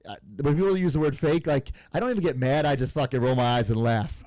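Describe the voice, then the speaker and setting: A man's voice: on the high side, quick pace, a little mellow, no room sound. Guy in his 30s, wrestler guest, blunt and sweary, dry close sound. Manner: blunt, profane. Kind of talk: casual interview chat.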